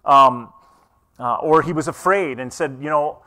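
A pastor preaching a conversational sermon in church, earnest and asking the congregation questions. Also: male voice, fairly high pitch, measured pace, pushed and bright.

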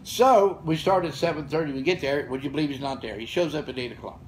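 A man's voice: fairly high pitch, quick pace, rough recording. An older man in his late sixties with a slightly raised voice tells blunt, profane stories in casual podcast talk. He speaks with hard-charging energy, and a faint background hum sits behind him. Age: 60s. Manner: blunt, profane, fired-up storytelling. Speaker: podcast guest and gym founder. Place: gym or studio with room ambience.

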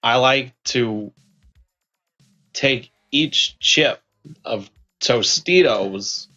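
A man doing an impression of an older male film star, speaking slowly with odd pauses between words. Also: medium pitch, bright, forceful tone, highs cut off, faint music behind, full character voice. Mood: deadpan.

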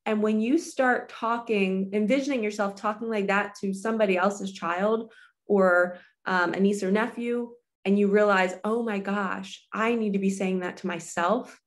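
Earnest woman coaching on self-love. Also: medium pitch. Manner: earnest, nurturing, speaks to viewers directly. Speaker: spiritual coach. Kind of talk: casual motivational monologue. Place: her apartment.

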